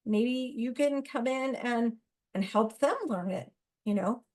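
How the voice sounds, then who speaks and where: A fairly high-voiced woman hosts a solo astrology talk and addresses her listeners directly. She talks in an excitable, animated way, asking reflective questions and laughing at herself. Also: slow pace. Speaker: astrology podcast host.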